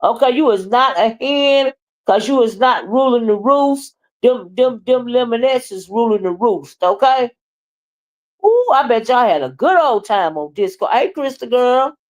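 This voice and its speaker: A woman's voice: on the high side, lively intonation, a little slow. A woman hosting a casual livestream, scolding and sassy, with repeated "okay?" and "child.". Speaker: livestream host.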